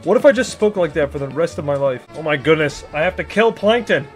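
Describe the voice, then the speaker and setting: A gruff, greedy old crab boss with salty, pirate-like growls and a high, bright voice that swoops wildly up and down, put on by a man. He narrates a video game in character and yells frantically, and faint music plays underneath. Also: lively intonation, fast talker, lightly acted. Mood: panicked. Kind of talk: in-character gaming commentary.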